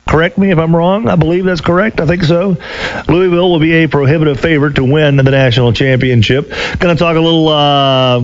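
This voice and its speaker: A man in his sixties hosting a sports talk call-in radio show, chatty and quick with joking asides between callers. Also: on the high side, lively intonation. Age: 60s. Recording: dull lo-fi radio broadcast.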